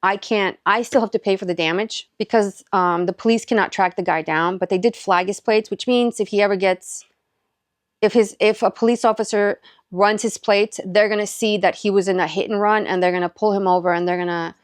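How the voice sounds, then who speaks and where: A woman's voice: medium pitch, fairly even intonation, fairly quick, no echo, studio quality. A woman from Southern California, a mother, chatting through a personal story with many likes and quoted back-and-forth. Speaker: faith and encouragement vlogger. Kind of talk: casual storytelling.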